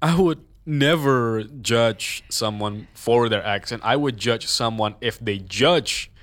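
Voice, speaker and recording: A man's voice: mid-range voice, slow, fairly bright tone, no echo. A man, chatting frankly and opinionatedly as a podcast guest. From Indonesia. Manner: frank, opinionated, switches into Indonesian phrases. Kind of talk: casual podcast chat.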